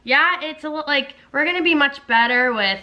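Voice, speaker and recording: Young female vlogger in her 20s, chatty and rambling, bright higher voice. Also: moderate pace, lo-fi sound. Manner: chatty, heavy on filler words. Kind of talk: casual couple chat. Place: home, with a pet dog.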